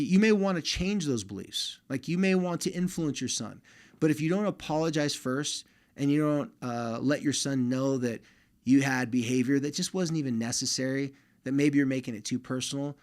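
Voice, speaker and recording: Man giving fathers direct, casual advice. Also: mid-range voice. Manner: direct and conversational, speaking straight to listening dads.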